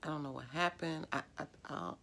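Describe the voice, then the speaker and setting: Emotional middle-aged woman with a gravelly voice. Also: low voice, fast talker, a bit bright. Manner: emotional, rambling, with many fillers. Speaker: vlogger. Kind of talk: personal storytelling.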